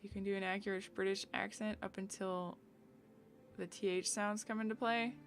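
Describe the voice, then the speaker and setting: Her pitch is medium, her intonation fairly even, and her pace normal. She's an American woman on a live stream, casually and cheerfully reading chat aloud and riffing on it with plenty of giggles, as faint game music plays underneath.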